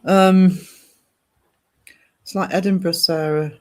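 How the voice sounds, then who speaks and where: A man's voice: high-pitched, steady tone, slow pace. A man, hosting a casual art livestream and chatting rambly with viewers.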